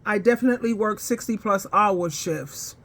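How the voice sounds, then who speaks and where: A woman's voice: mid-range voice, normal speed. Laughing woman vlogger chatting casually. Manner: laughs often and heartily between lines; animated storytelling, rambling with fillers. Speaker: advice coach and vlogger. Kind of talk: casual commentary reading comments.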